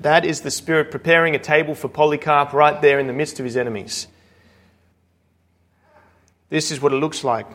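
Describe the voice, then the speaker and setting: A man's voice: medium pitch, a bit bright. A man preaching a sermon, earnestly retelling scripture and a martyr's story. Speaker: pastor.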